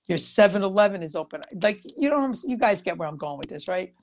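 A woman's voice: medium pitch, expressive, fast talker, a little hiss or hum. A woman giving a casual, rambling spiritual talk about tarot readings, full of "you know" fillers. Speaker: tarot reader.

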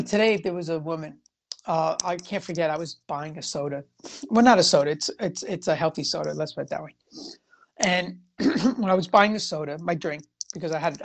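A tarot reader talks casually to viewers about tarot and moods, chatty and rambling, circling back on her points and often saying "you know." Her voice sits a little on the low side.

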